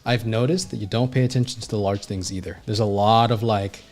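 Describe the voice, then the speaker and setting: A man's voice: lowish voice, fairly even intonation, a little fast, darkish tone. Blunt, profane male art teacher. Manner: blunt and profane, heavy fillers like "you know what I mean"; emphatic, rambling with frequent restarts. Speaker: art instructor and designer. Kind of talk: casual livestream teaching.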